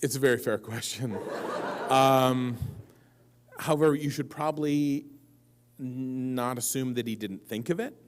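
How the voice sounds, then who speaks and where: A man's voice: medium pitch, measured pace, long pauses, slight background noise. Rambling man telling stories to a crowd. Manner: rambling, digressive, self-mocking. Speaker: guest author answering audience questions. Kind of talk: live convention Q&A storytelling. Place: convention stage before a live audience.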